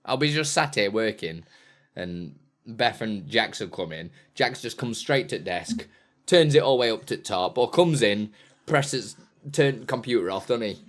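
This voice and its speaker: A man's voice: on the low side, lively intonation, normal speed. A man streaming from his home setup, chatting playfully into a desk microphone and slipping into baby talk with his son. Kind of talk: casual chat on stream.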